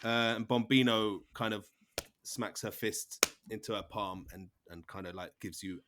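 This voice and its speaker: A man's voice: fairly low pitch, unhurried, noisy background. A man narrating as game master, rambling with fillers and restarts. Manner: rambling, lots of fillers and restarts, laughs along.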